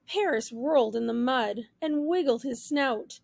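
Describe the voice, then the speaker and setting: A woman teacher reading a children's book aloud with clear, expressive storytelling. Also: on the high side, unhurried, hardly any pauses, no echo. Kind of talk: children's read-aloud narration.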